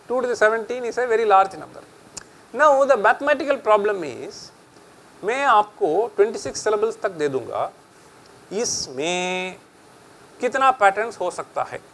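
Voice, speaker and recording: In a high voice, a middle-aged man with an Indian accent gives a chatty public lecture, switching between English and Hindi and laughing often. The recording quality is low.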